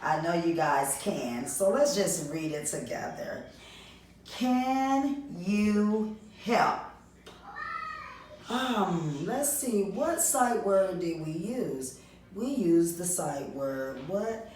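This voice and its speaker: A woman teacher leads young children through a reading lesson, slow and a little low, with encouraging sing-song praise. She sounds far from the mic in a very echoey room, with faint noise behind her. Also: expressive, darkish tone.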